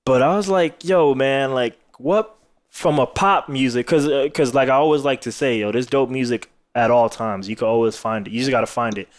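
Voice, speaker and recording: A man's voice: medium pitch, moderate pace. Tired male podcast host, rambling casual talk with laughs, mid-range voice. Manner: laughs often, rambling with many fillers. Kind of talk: casual chat.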